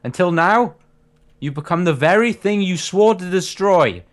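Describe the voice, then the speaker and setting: A man's voice: high voice, animated, measured pace. A young man role-playing in a game, speaking in a grave, theatrical manner. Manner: grave, theatrical delivery in character. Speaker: co-host player. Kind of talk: mock-solemn role-play during a game.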